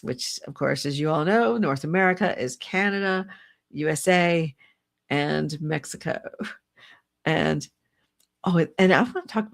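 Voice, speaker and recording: A woman's voice: sits low, vocal fry. An older woman speaking as a psychic reader on a casual livestream, rambling and exasperated, with restarts and little laughs.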